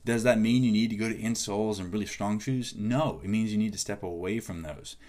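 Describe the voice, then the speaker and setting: Man, lowish voice, podcast host, movement coach, casual monologue, animated, exasperated. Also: fairly quick. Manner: animated, exasperated, acts out quoted exchanges.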